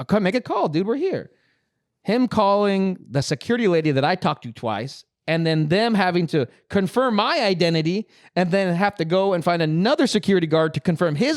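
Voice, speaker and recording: A man's voice: a little high, dry recording, clean studio sound. A man hosting a podcast, telling a work story casually, swearing and acting out the other people's lines. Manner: animated, swearing, acts out dialogue. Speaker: podcast host.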